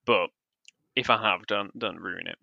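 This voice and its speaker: Guy podcasting, bright but gravelly voice, dry close mic, wry. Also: deep voice, unhurried, dry recording, muffled recording. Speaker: podcast co-host. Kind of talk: casual podcast banter.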